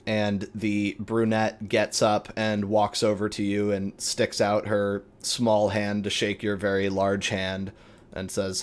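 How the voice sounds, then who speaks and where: A man narrating as game master of a tabletop game, unhurried and rambling with lots of fillers. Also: fairly low pitch, completely flat delivery, clean tone.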